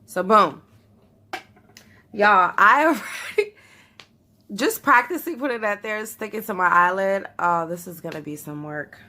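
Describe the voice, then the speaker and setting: A woman's voice: medium pitch, lively intonation, measured pace, long pauses, bright, forceful tone. A young woman chatting to her viewers while trying something new at home, nervous, laughing often and talking straight to the camera. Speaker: vlogger. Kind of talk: casual beauty vlog chat.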